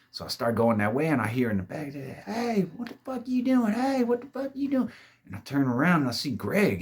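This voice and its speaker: Brief: low, husky man spinning a profane spooky yarn, animated and loose. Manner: profane, animated storytelling, calls listeners babies. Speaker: storyteller. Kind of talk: casual ghost-story telling.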